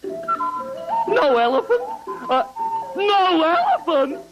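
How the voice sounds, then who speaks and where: A man's voice: extremely high pitch, huge pitch swings, takes it slowly, loud music behind the voice, full character voice, low-quality recording. A man voicing a whiny, self-pitying young male elephant in a 1950s cartoon, pleading and dramatic. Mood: indignant. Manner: dramatic, pleading, tantrum-prone.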